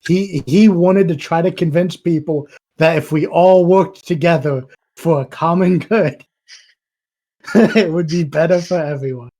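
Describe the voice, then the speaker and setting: A man with a slightly raised voice talks through a role-playing character at an unhurried pace. He pauses often to find his words, in a relaxed podcast chat. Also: fairly high pitch. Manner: hesitant, with fillers and a laugh. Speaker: podcast co-host. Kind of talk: casual chat about a tabletop game.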